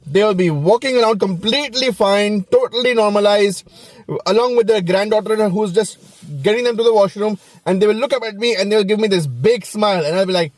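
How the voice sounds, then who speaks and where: A man's voice: high-pitched, fairly quick, darkish tone, dry recording. Wry man telling a comic story. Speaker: doctor. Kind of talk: comedic monologue.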